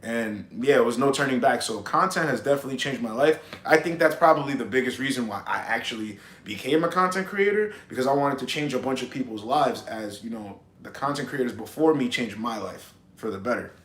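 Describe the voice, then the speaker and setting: A man's voice: medium pitch, fairly quick, few pauses, fairly bright tone, reverberant. A young man, a dating coach on a stream, chatting casually in blunt, slangy talk with plenty of swearing. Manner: acts out both sides of pickup scenes. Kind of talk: casual livestream chat.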